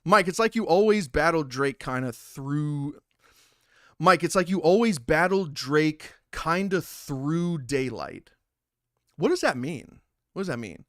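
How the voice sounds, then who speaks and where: A young man hosting a live stream, ranting with loud, profane bursts and reading out messages from chat. His voice sits high for a man and sounds close and dry, with no room around it. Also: animated, a little slow, no echo. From Italian heritage. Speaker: livestream host. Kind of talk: casual livestream commentary.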